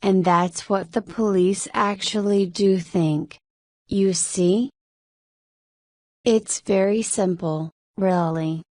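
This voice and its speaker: A woman reading a mystery story aloud in a measured way, voicing both narration and dialogue. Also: medium pitch, steady tone, darkish tone, dry recording, clean studio sound. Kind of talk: scripted story reading for English learners.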